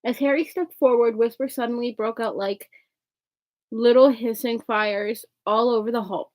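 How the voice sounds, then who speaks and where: A woman's voice: on the high side, fairly even intonation, moderate pace, darkish tone, no echo, low-quality recording. A woman reading a novel aloud, often stumbling over words and correcting herself. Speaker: reader.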